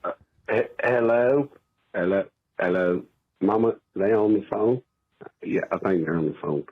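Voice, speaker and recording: A man's voice: on the low side, measured pace. A man doing a slack-jawed country yokel. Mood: goofy. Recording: muffled phone voicemail.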